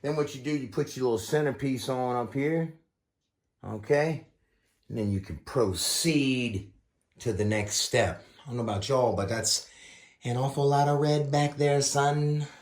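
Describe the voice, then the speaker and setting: Host type: unhurried guy, folksy, playful asides, middle-pitched voice. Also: a little mellow. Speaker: RC car builder, channel host. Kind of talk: casual build tutorial.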